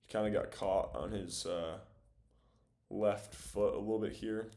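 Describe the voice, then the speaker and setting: A young man casually breaks down volleyball game film, thinking out loud and using plenty of fillers. His voice is fairly low and mellow, with a steady tone and a measured pace.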